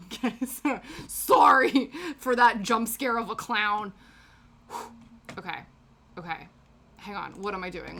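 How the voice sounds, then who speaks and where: Bright, chatty British woman streamer. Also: medium pitch, slight background noise. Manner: chatty, reacts aloud to chat with frequent laughter. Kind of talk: casual livestream chat. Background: faint background music.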